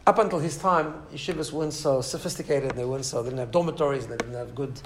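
A man's voice: mid-range voice, quick pace, background noise. A man teaching a Torah class in an informal way, telling stories with lots of restarts and asides to a small audience. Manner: animated storyteller, many restarts and asides.

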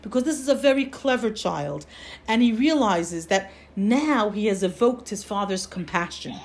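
A woman teaching a religious lesson in a mid-pitched voice. She tells her story in an animated way, often restarting her sentences, and her voice rises and falls a lot as she explains. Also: normal speed. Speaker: Torah teacher.

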